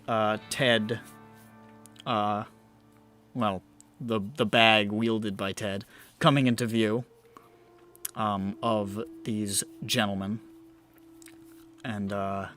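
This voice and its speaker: Slow, hesitant male game master. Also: lowish voice, fairly bright tone. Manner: unhurried, full of fillers and restarts. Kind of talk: narrating a tabletop game.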